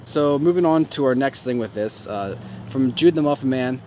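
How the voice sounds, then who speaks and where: A man's voice: mid-range voice, normal speed, warm tone. A man hosting his own channel, chatting loosely and rambling through viewer comments while standing outdoors near a street. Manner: loose and rambling, many fillers. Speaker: YouTube host. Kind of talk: casual talk to camera answering comments. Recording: faint street noise outdoors. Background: faint traffic.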